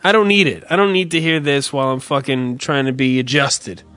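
A man co-hosting a podcast in casual, profane banter, rambling and animated as he tells stories. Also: medium pitch, fairly quick, dry recording, soft background music. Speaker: podcast co-host.

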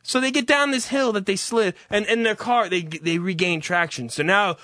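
A man's voice: sits high, normal speed, hardly any pauses, pushed and bright, dry recording, studio quality. A man delivering an exasperated, profane comic rant, swearing heavily as he goes.

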